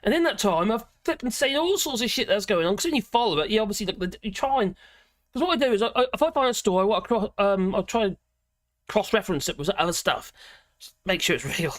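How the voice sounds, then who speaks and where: A woman's voice: mid-range voice, animated, quick pace, no echo, studio quality. A woman hosting a livestream, chatting casually and rambling as she reads out viewer comments, often breaking off mid-sentence and laughing. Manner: rambling, chatty, self-interrupting with frequent laughs. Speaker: livestream host. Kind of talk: casual live chat reading viewer comments.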